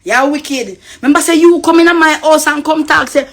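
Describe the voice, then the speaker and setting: A woman's voice: sits high, a little fast, fairly bright tone. A woman from Costa Rica with a Jamaican Patois accent, ranting heatedly and profanely on a live stream. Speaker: social media personality.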